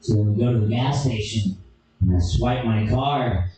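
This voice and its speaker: A young man spins a crude, animated comedy tale and now and then bursts into shouts. His voice sits at an ordinary pitch. It rings through a very echoey room, picked up from some distance off the mic. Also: normal speed. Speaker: storyteller. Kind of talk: storytelling comedy.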